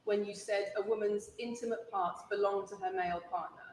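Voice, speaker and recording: A woman interviewer who asks pointed questions calmly and keeps pressing for direct answers. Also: mid-range voice, brisk, reverberant, a little hiss or hum, rough recording.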